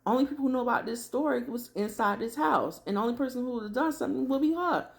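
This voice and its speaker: A woman's voice: on the high side, lively intonation, quick pace, creaky, voice pushed up. A woman voicing an angry, fed-up young husband, raised and heated.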